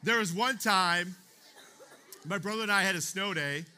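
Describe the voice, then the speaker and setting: A man's voice: high-pitched, normal speed, bright, forceful tone, a faint crowd. A young man preaching a youth sermon in a chatty way, checking in with "okay?" and "right?" as he talks. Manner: chatty, keeps asking the room "okay?" and "right?". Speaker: youth pastor.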